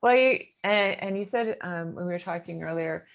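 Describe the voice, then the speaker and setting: A woman's voice: on the low side, normal speed, creaky, muffled recording. A woman chatting casually in a rambling way, with many fillers and nervous laughter. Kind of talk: casual chat.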